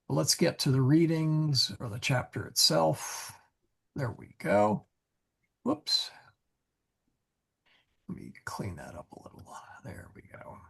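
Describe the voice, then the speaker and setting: Husky gravelly guy running a latin class on a video call, patient, explains stuff. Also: mid-range voice. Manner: patient, explaining, self-correcting. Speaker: Latin teacher leading a reading group. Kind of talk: casual online class.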